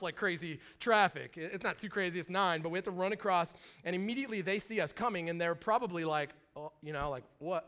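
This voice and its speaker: A man's voice: high voice, bright, forceful tone, clear, resonant tone. A man in his thirties, a pastor telling a story in a sermon, casual and chatty, with many fillers and asides.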